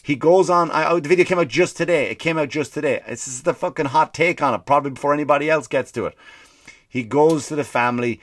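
A man hosting a comedy podcast, ranting quickly and emphatically with lots of swearing and repeated phrases. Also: a little high, no room sound. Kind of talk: comedic rant.

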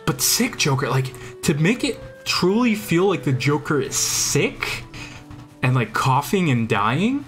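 A man's voice: medium pitch, expressive, moderate pace, fairly bright tone, soft background music. A young man chatting casually while streaming a game, rambling and enthusiastic, often restarting his sentences. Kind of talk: casual chat while gaming.

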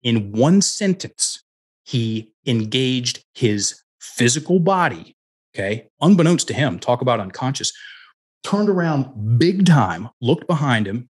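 A middle-aged man, a personal development coach, telling stories as a guest in a podcast interview on a headset mic, animated and acting out the dialogue. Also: medium pitch, measured pace, breathy edge.

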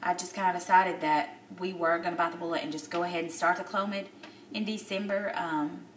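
A woman's voice: lowish voice, fairly even intonation, distant mic, slight background noise. Upset woman in her thirties, tearful. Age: 30s. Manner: emotional, tearful, halting with many fillers. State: upset, near tears. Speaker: vlogger. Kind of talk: personal video diary. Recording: roomy echo, a bit off-mic.

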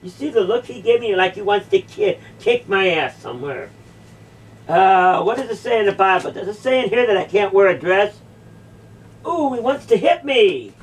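A woman's voice: medium pitch, animated, moderate pace. A woman in a heated confrontation in a church, incredulous and repeating her questions again and again. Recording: voice distant from the mic.

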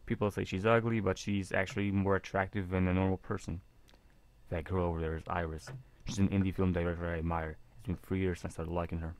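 Low-voiced man reading a visual novel. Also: flat delivery. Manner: chatty, halting, jokey asides. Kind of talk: casual game reading with commentary.

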